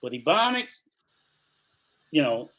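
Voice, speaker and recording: Animated bright-voiced older man telling stories. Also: on the high side, takes it slowly. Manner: animated storytelling, laughs often, acts out voices. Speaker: podcast co-host. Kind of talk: casual podcast chat.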